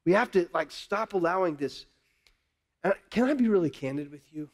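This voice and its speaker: A man's voice: high-pitched, expressive, normal speed. A male pastor preaching a sermon, candid and impassioned, often repeating words as he builds.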